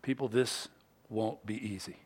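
A man preaching a sermon as pastor, swinging from hushed, quiet stretches to loud, excited ones. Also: on the low side, measured pace, breathy edge. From United States.

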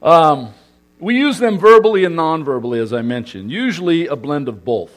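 A middle-aged man from Southern California speaks to a congregation in a lively way, playfully quizzing the live audience and joking with them. His voice is fairly high, with lively intonation and a moderate pace.

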